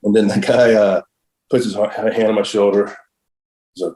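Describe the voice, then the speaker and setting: A man's voice: fairly low pitch, level tone, normal speed, mellow, low-quality recording. A middle-aged man guesting on a podcast, telling a long story in a casual, rambling way, swearing freely and filling his talk with "like" and "I'm all.". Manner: rambling and profane, heavy use of "like" and "I'm all". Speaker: podcast guest, professional skateboarder.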